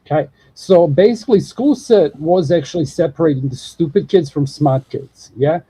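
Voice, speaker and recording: A man's voice: fairly high pitch, dark tone, husky, no echo, rough recording. A man with a New Zealand accent, talking casually and rambling with lots of swearing and fillers as a podcast host. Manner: rambling, profane, fast talk with many fillers. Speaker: show host.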